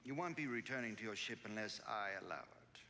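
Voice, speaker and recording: Threatening alien official in a sci-fi series, smug, wide pitch swings, as a man plays him. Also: expressive, fairly quick, close to an everyday voice. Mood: menacing. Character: menacing alien male official.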